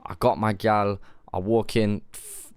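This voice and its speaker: A man streaming live, giving blunt, casual reactions to a track, swearing freely and thinking out loud. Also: fairly low pitch, fairly even intonation, unhurried, clear, resonant tone, no room sound.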